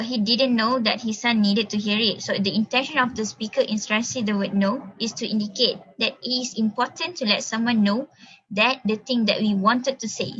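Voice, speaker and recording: A young woman with a slightly husky voice, walking through her analysis for a class presentation step by step. She speaks over a video call, and her laptop mic gives the sound a dull, lo-fi quality. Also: fairly high pitch, fairly bright tone. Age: young adult. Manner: explains step by step, with many fillers. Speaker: student presenter.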